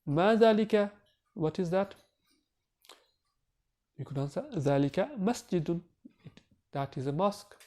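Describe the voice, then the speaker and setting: A man teaching a beginner language lesson, speaking slowly and repeating each phrase for learners. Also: sits high, animated, warm tone. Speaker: Arabic teacher.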